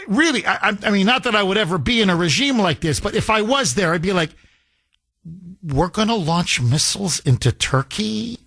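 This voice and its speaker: A man's voice: sits high, animated, fast talker, few pauses, pushed and bright. A male talk radio host, delivering an emphatic, opinionated monologue full of rhetorical questions.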